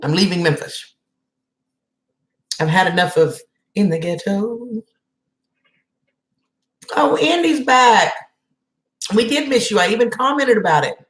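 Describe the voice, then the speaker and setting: A woman hosts a relaxed live stream and chats easily with viewers, calling out their names as she goes. Her voice sits in the middle of the range, and the room around it is echoey. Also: medium pitch, moderate pace, pauses often. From Southern United States. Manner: chatty, greets viewers by name, laughs often. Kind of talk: casual chat with live chat viewers.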